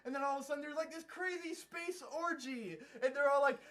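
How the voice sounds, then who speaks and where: Brief: man with an unusually high voice, mocking cartoon recap, swears a lot, rambles. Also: fast talker, hardly any pauses, fairly bright tone, raised voice. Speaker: anime reviewer. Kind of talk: casual comedic episode recap.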